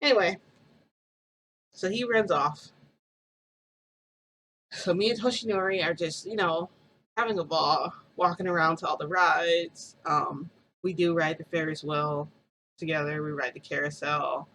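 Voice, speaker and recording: A woman's voice: low-pitched, fairly even intonation, unhurried, long pauses, fairly bright tone, a little hiss or hum, rough recording. A woman vlogger casually telling a first-person story, rambling and full of "like" fillers.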